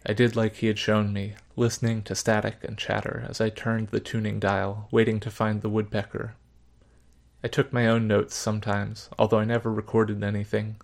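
A man narrating a story in the first person, measured, subdued and reflective. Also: lowish voice, monotone, creaky.

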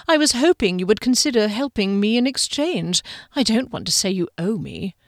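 Unruffled schemer, read by a woman, smooth and reasonable, dry close read. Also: medium pitch, sing-song, normal speed, no echo. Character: calm scheming tall male gardener-mastermind. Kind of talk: audiobook character voice.

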